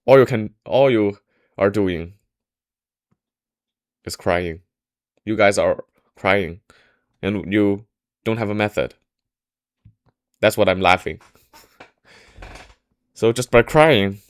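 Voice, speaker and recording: A man's voice: fairly low pitch, animated, slow pace, long pauses, no room sound, studio quality. A man voicing an ambitious, bold warlord who mocks the weeping ministers as cowards, in a casual storytelling style. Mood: scornful. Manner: mocking, then declaring loudly.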